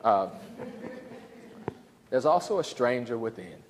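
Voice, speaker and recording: A man giving a lively, humorous storytelling lecture in a lecture hall and calling out to the audience. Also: medium pitch, slow. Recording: reverberant hall, faint noise.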